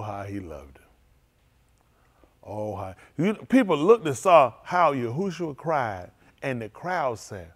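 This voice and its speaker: Male pastor, loose vernacular sermon delivery, moves between low murmurs and loud high exclaiming. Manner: speaks in informal, vernacular English.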